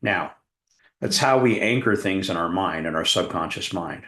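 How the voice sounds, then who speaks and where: A middle-aged man from Arizona giving a workshop talk, telling a story with animated, acted-out scenes. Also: low-pitched, normal speed. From Tucson, Arizona. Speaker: workshop presenter, hypnotist coach. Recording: roomy echo.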